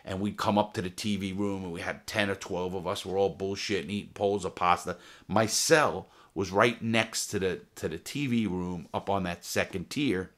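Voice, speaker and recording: A former jewel thief telling his prison stories in a casual, profane, animated way, full of restarts. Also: deep voice, normal speed, few pauses. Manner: profane, animated, heated retelling with many restarts. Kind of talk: casual storytelling to camera.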